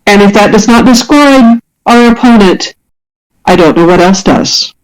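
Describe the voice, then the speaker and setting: A woman acts as game master for a tabletop role-playing session, describing scenes at length. Her voice sits at a middle pitch, and her phrasing often stumbles and restarts as she narrates. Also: a little slow, poor audio. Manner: descriptive, with frequent restarts and fillers.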